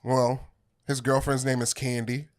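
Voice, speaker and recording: A man in casual comedy banter, quick to laugh and a bit defensive, restarting his sentences often. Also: medium pitch, flat delivery, a little mellow.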